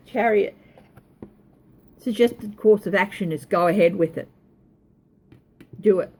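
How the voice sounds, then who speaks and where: A woman's voice: on the low side, darkish tone, a little hiss or hum. A woman giving a tarot reading, thinking aloud, hesitant and correcting herself as she goes. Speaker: tarot reader.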